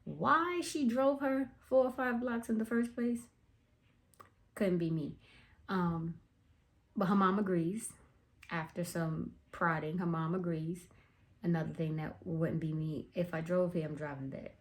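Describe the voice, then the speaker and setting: A woman with a fairly low voice retells a true crime movie plot in a loose, conversational way. She breaks off for wry personal asides. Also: measured pace. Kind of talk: casual storytelling recap.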